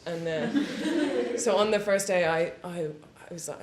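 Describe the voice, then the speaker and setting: A woman's voice: on the low side, expressive, measured pace, hardly any pauses. A woman guest on a live panel telling candid, profane stories and often laughing. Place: studio panel discussion before an audience. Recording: roomy echo with faint background hiss.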